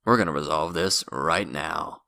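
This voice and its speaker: A man doing a gruff, no-nonsense bartender. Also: extremely low pitch, unhurried, bright, forceful tone, no echo, voice pushed down, heavily acted. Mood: blunt. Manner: gruff, matter-of-fact. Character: blunt middle-aged male bartender.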